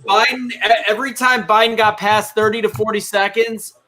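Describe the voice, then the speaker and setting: A man with a high, bright voice co-hosts a casual chat. He talks in a hesitant, musing way and often restarts his sentences. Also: fairly even intonation, fairly quick.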